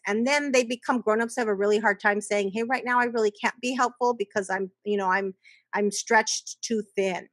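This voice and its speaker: A middle-aged woman educator giving a workshop talk on children's emotions, animated and acting out little voices with laughs. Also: mid-range voice, moderate pace, no room sound.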